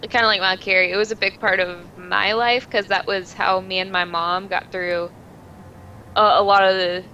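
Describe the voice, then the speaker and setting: A woman's voice: mid-range voice, level tone, normal speed, pushed and bright, highs cut off, slight background noise. A young woman guest in a casual chat, speaking earnestly and plainly. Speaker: panel guest.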